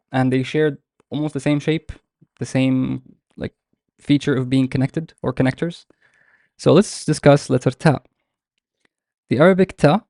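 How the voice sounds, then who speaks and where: A man teaching a live online class, explaining patiently and step by step with many pauses. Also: medium pitch, creaky, darkish tone, dry recording, clean studio sound. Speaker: Arabic teacher.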